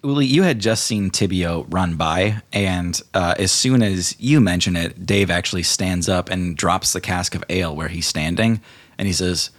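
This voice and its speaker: A man narrating as game master of a tabletop role-playing game, in a relaxed storytelling manner with many fillers. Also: sits low, normal speed.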